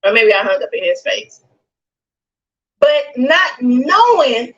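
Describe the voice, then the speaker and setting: A woman guest on a livestream, retelling a dispute in an animated way and acting out the quotes. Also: high-pitched, slow, husky. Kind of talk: casual storytelling on a call. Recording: dull lo-fi call audio.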